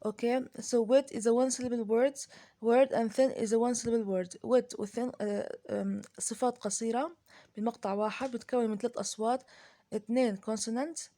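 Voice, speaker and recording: A woman with an Arabic accent teaching an English grammar lesson, speaking slowly and deliberately, with many pauses, fillers and restarts, and switching into Arabic to explain. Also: a little high, fairly even intonation, mellow.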